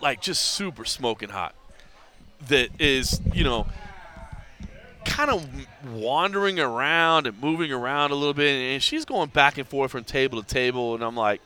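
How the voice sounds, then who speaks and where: A lively middle-aged man hosting a podcast, his voice sitting a little high and swinging widely as he tells a story. The tone is bright and forward, and the sound is smooth and clear. He acts out what everyone said, with lots of "like" in between. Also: moderate pace. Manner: animated storyteller acting out quoted dialogue, heavy use of "like". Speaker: podcast host. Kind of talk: casual storytelling chat.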